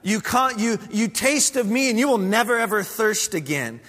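High-voiced pastor preaching in a hall. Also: male voice, very animated, fairly bright tone. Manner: earnest, measured preaching with repeated phrases. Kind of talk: sermon.

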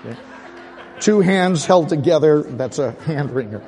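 A man with a fairly high voice delivers a sermon as the pastor, speaking conversationally and asking the congregation questions. His voice carries a long reverb, like a church sanctuary. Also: animated, normal speed, mellow, soft background music.

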